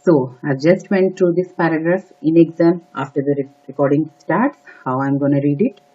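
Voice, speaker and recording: An exam prep tutor giving earnest step-by-step advice, with frequent filler pauses. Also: mid-range voice, warm tone. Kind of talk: instructional talk to camera. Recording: dull lo-fi recording.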